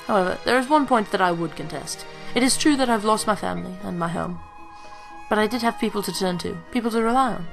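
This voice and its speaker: Brief: gentle noble princess with a British accent, soft and formal, voiced by a woman. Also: mid-range voice, fast talker, vocal fry, over music, lightly acted. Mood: earnest.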